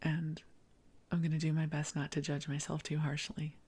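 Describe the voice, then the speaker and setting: A middle-aged woman hosting a sleep podcast, rambling softly in a half-whisper and laughing at herself. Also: low voice, flat delivery, moderate pace, husky. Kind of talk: soft bedtime rambling.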